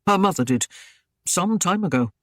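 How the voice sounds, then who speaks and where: A man's voice: sits high, animated, normal speed, fairly bright tone, no echo, clean studio sound, voice pushed up. A man voicing an anxious, loyal young Saxon servant who speaks carefully and earnestly.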